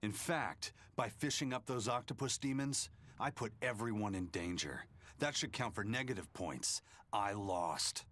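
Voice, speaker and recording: A man's voice: on the low side, unhurried, a bit bright, no echo. An actor playing a stern, principled male pirate captain in a game, speaking firmly and matter-of-factly. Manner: firm and matter-of-fact. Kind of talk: game voice acting.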